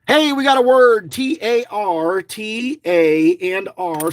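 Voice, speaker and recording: A man's voice: high-pitched, takes it slowly, hardly any pauses, no echo. A middle-aged man giving chatty, rambling running commentary to his viewers, grumbling and joking as he goes. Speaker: lottery scratch-off vlogger.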